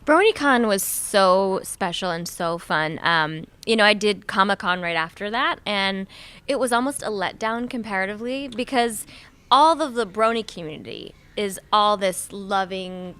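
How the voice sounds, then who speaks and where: A woman's voice: medium pitch, lively intonation, normal speed, a bit bright, clear, resonant tone. A woman voice actress giving a casual interview with dry, teasing quips. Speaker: voice actress guest.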